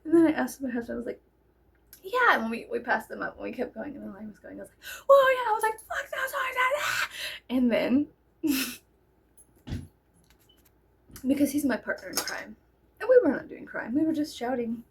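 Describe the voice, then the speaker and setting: High gravelly woman, kinda husky, telling a wild story all animated. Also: brisk, long pauses. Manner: animated, bursts into loud laughing shouts. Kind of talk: casual storytelling.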